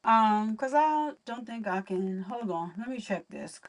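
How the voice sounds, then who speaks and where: A chatty young woman hosts a livestream from home. Her voice sits a little high, and she talks straight to her viewers through a computer mic. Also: expressive, unhurried, distant mic. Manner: chatty, talks to viewers while fixing audio. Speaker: livestream host. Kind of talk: casual livestream chat.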